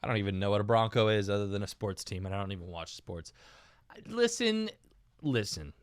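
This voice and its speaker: Young male podcast host, low voice, self-mocking rambler, dry close mic. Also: lively intonation, brisk, clear, resonant tone, no room sound. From United States. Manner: rambling, self-mocking, says dude and man a lot. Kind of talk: casual solo podcast talk.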